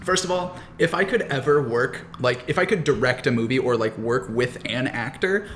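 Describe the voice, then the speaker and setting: A man's voice: medium pitch, expressive, moderate pace, a bit bright. Young man rambling on a roomy podcast. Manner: rambling storyteller, heavy swearing and filler. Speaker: podcast co-host. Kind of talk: casual chat. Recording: roomy echo, faint background noise.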